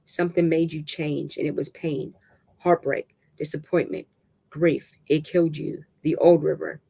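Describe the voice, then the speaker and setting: A reader voicing a protective man in a dramatic novel reading, speaking softly yet sternly to calm someone down. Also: mid-range voice, measured pace, vocal fry, husky. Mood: soothing firm. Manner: soft yet stern, soothing. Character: protective man calming his partner.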